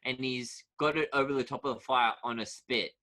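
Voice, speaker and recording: A man's voice: mid-range voice, fairly even intonation, brisk, pushed and bright. A man co-hosting a podcast, recapping scenes in casual chat and answering with short agreements. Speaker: podcast co-host.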